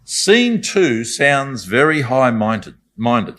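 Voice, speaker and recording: A man's voice: mid-range voice, animated, a little slow, a bit bright. A man giving a Bible study talk in a conversational, reflective way, with apologetic asides. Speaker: Bible speaker.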